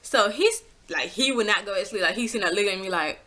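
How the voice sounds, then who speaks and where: A young woman in her twenties telling a storytime to camera, casual and blunt, acting out her own past lines with big swings in pitch. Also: lively intonation, fast talker, sharp tone, a little hiss or hum. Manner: blunt, swears freely. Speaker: vlogger.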